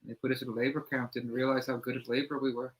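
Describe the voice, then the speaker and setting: A man's voice: mid-range voice, level tone, quick pace, poor audio. A man who is a guest on a livestream, chatting casually and making dry, laid-back jokes. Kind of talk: casual chat.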